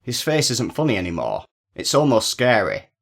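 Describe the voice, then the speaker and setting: A man narrating a first-person crime story in a steady, measured way. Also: fairly low pitch, vocal fry.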